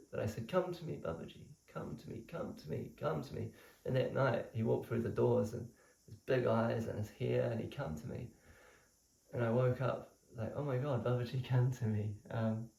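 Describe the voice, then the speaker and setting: Gravelly young man telling his story. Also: medium pitch. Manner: animated, laughs often while telling. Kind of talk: casual storytelling. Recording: roomy echo, mic at a distance.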